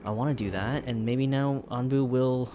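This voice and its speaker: A man with a sick, hoarse voice casually commenting while playing a video game, thinking aloud in an easygoing way. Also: medium pitch, steady tone, normal speed, music in the background. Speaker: let's play host.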